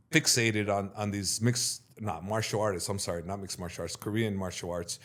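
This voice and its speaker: A middle-aged man, a martial arts coach being interviewed, telling stories in a lively way and acting out what others said. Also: fairly low pitch. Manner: animated storyteller who acts out quotes loudly. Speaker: MMA coach, interview guest. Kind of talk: storytelling in an interview.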